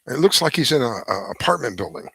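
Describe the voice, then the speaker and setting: Animated middle-aged male radio host. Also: mid-range voice, fast, gravelly, husky, no room sound, rough recording. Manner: rambling, restarts, animated emphasis. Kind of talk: opinion monologue.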